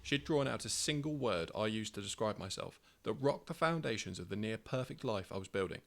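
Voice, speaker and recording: A man's voice: lowish voice, lively intonation, fairly quick, creaky, fairly bright tone. A man narrating his own first-person short story in a wry, conversational way.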